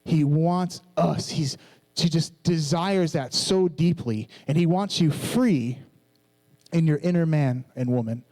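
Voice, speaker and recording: A man in his thirties preaching, telling a personal testimony in a casual, animated storytelling way. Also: on the high side, takes it slowly, poor audio.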